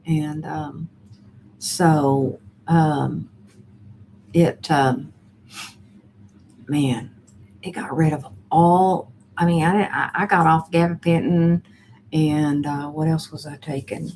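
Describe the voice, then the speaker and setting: Low-voiced, slow, rambling woman host. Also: steady tone, darkish tone, slight background noise. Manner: rambling and chatty, with many fillers and restarts. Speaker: host of a live chat stream. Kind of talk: casual live-stream chat, reading viewer comments.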